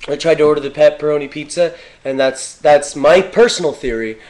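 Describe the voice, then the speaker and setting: A man's voice: a little high, fairly quick, a little mellow. A man rambling casually through the wrap-up of his comedy sketch. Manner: laughing, rambling. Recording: echoey room, distant mic, faint hiss.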